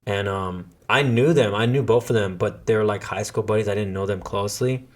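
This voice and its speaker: A man's voice: lowish voice, fairly quick. A man hosting a podcast, telling a story in a loose, casual way, swearing freely and stopping often to restart. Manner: profane, loose storytelling with many fillers and restarts. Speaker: podcast host and DJ.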